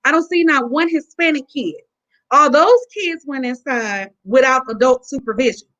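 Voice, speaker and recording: A woman's voice: high-pitched, normal speed, a bit bright. A woman telling her story as a guest in a casual, indignant, emphatic way over a remote call. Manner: indignant, emphatic retelling with quoted dialogue. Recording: dull lo-fi call audio.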